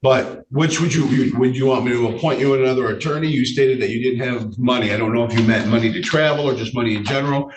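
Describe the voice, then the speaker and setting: A male judge with a voice he says is giving out, speaking in a measured way, often repeating phrases and using fillers during a courtroom hearing. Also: mid-range voice. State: losing his voice. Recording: echoey room, distant mic, faint noise.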